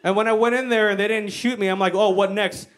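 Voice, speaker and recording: Woman comic on stage, animated, sweary and mock-exasperated, stage mic. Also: medium pitch, fast, a little hiss or hum. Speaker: stand-up comedian. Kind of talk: stand-up comedy set. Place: comedy stage.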